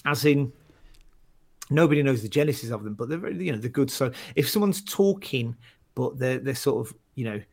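A man's voice: mid-range voice, expressive, fairly quick, darkish tone, no room sound. A male stand-up comedian chatting casually, rambling with many restarts and fillers as he tells stories. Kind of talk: casual chat.

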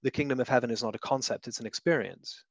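A man's voice: medium pitch, fast talker, dry recording. A man guest giving conversational theological teaching, emphatic and full of vivid examples with shifting inflection.

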